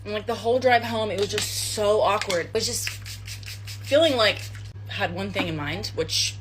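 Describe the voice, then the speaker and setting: A young woman casually telling a first date story, chatty and animated, acting out the dialogue. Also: medium pitch, normal speed, noisy background.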